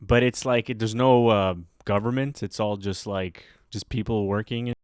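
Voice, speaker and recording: Rambling Canadian-born man, smooth voice. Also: fairly low pitch, fairly even intonation, moderate pace, no room sound, studio quality. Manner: rambling, hesitant, lots of fillers and restarts. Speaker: podcast co-host. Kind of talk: casual chat.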